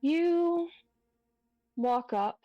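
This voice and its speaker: A woman running a tabletop horror game as game master, setting each scene in a slow, measured way. Her voice sits a little high. The recording is dry, with faint music behind her. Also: lively intonation, dry recording, muffled recording. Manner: unhurried, describing scenes with pauses and fillers.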